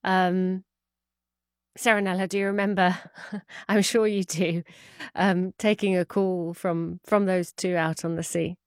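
A woman's voice: lowish voice, little pitch movement, measured pace, clean tone, no echo, clean studio sound. A woman interviewing a guest, hesitant and repeating words as she asks. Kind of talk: documentary interview.

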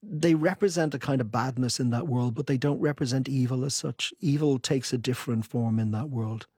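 A man with a mid-range, slightly husky voice answers interview questions in a thoughtful, measured way. He also reads a long passage from his own book. The recording is dry and close. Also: mid-range voice, a little mellow, dry recording. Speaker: author.

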